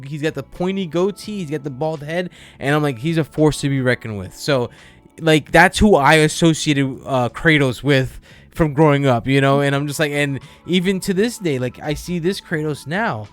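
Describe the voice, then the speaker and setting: A man's voice: a little high, normal speed, faint music behind. A man co-hosting a casual podcast about games, rambling enthusiastically with lots of fillers. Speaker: podcast co-host.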